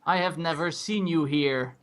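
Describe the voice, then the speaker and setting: A man's voice: on the high side, unhurried, natural voice. A man voicing a stern, proud, heavily armored male dwarf guard in a tabletop game, haughty and challenging.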